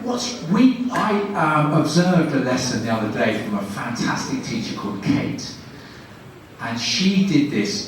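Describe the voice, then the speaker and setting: A man giving a guest lecture, demonstrating classroom teaching with brisk questions and quick praise. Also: medium pitch, a little hiss or hum. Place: university lecture room. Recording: echoey room from a distant mic.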